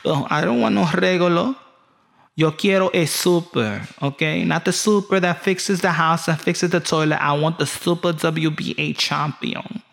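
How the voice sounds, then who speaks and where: A man putting on a sassy, demanding wife with a Puerto Rican accent, scolding in a mocking tone. The voice sits a little higher than a plain male voice. It is a comic vlog bit. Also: normal speed, gravelly, a bit bright.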